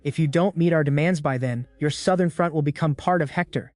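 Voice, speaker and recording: A cold, ambitious young commander, as a man reads him, calm and chilling as he threatens. His voice is fairly high, and the sound is close and dry. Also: a little fast, dry recording, close to an everyday voice. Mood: cold, arrogant.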